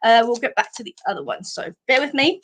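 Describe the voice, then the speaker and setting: Chatty Australian woman, fairly high voice. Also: sing-song, fast talker. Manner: warm, chatty, many fillers, calls viewers sweetheart. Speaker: psychic medium host. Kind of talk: live stream card readings.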